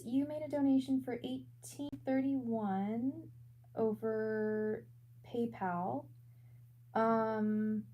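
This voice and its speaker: A woman working as a tarot reader and psychic medium on a live stream. She talks in a soft, halting way and repeats her words often. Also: a little high, low-quality recording. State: emotional.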